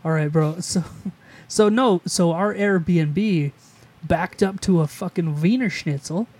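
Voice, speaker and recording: A man's voice: high voice, takes it slowly, darkish tone. A man co-hosting a podcast, telling stories in casual chat, swearing freely. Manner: profane, storytelling, does silly put-on voices. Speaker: podcast co-host.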